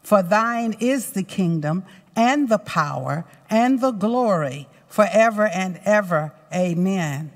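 Slow, deliberate Southern woman leading prayer. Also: mid-range voice, animated. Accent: Southern American. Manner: slow, deliberate, resonant recitation. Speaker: prayer leader. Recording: reverberant church hall.

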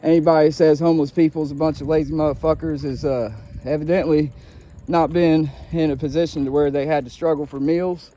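A man's voice: on the high side, fairly even intonation, brisk, mellow. A man from Ohio vlogging a casual, profane and meandering monologue, tired and a bit winded. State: winded from walking a bicycle uphill.

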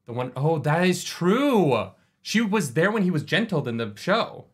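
A man co-hosting a casual livestream book chat, animated and swearing freely. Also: fairly high pitch, unhurried, slightly rough. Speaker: podcast co-host.

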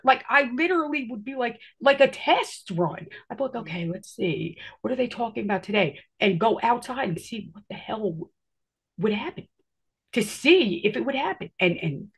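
Speaking at normal speed in a high-pitched, animated, somewhat bright voice with a husky, slightly rough texture, a woman wanders through a personal story. Fillers abound, and she performs other people's lines as she recounts them.

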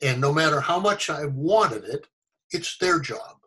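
An older American actor telling stories in a casual interview, animated and fond of acting out the voices of people he quotes. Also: on the high side, a little slow, low-quality recording. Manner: animated storyteller, acts out quoted voices, chuckles often. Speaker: actor guest.

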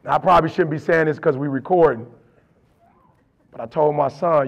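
A man's voice: on the high side, fairly quick, creaky, lo-fi sound. A middle-aged man and motivational speaker, telling stories in a colloquial, emphatic way. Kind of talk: storytelling motivational talk.

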